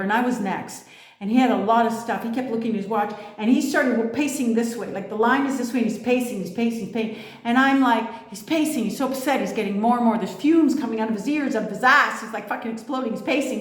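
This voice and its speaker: A woman's voice: medium pitch, roomy sound. A woman giving a casual motivational talk as a spiritual coach, blunt and emphatic, with frequent swearing.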